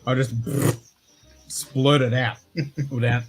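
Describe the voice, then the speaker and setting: Fast, sweary Australian man, husky. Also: mid-range voice, fairly even intonation, soft background music, poor audio. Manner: fast, slurred, sweary banter. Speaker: whisky livestream host. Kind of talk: casual livestream chat.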